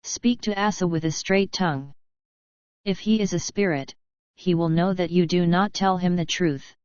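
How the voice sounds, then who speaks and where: Proud young tribeswoman, sharp and scornful, read by a woman, smooth lowish voice. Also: fairly even intonation, normal speed, no room sound, muffled recording, close to an everyday voice.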